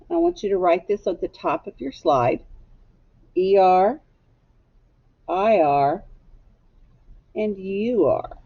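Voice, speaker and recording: A woman teacher leading a phonics lesson for young children, clearly drilling sounds and words for them to echo. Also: on the low side, muffled recording.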